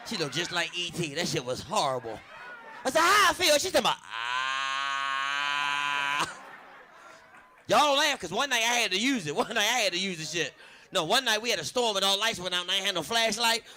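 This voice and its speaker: A man doing a loud stand-up set on a club stage, working the crowd and acting out voices. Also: high-pitched, animated, fast talker. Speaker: stand-up comedian. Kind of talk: stand-up routine.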